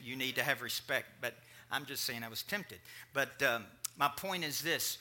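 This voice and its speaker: A man preaching a sermon in a conversational, animated way, breaking off for joking asides to the congregation. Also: medium pitch, normal speed.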